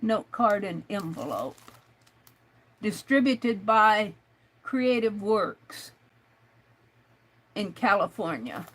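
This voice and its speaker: A woman's voice: mid-range voice, sing-song, slow pace, long pauses, a bit bright, rough recording. A woman hosting a crafting livestream in casual chat, thinking aloud and reading out chat messages as she works.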